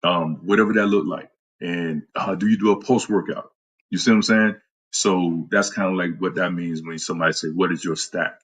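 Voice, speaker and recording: Husky, low-voiced man talking fitness. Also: steady tone, brisk. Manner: loose, profane, repeats himself with many fillers. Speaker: fitness podcast host. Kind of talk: casual talk answering listeners.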